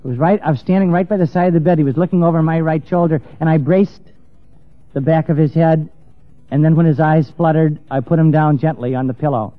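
A man with a high voice tells a personal story to an audience, stammering now and then as he moves from hushed tones to raised ones. The sound is thin and tinny like a phone line and dry, with no room echo. Faint music plays underneath. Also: steady tone, fairly quick. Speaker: speaker telling a personal story.

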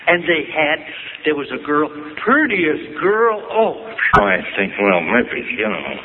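An older man from Ohio telling reflective, wry stories about his youth, with gentle pauses and humor. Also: on the high side, big pitch swings. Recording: tinny phone-like audio with noise.

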